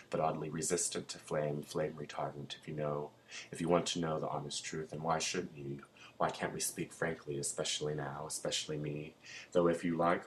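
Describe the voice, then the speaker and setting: Male reader with a very deep voice and a flat, unvarying delivery, measured and deadpan. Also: slight background noise, low-quality recording. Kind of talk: literary reading aloud.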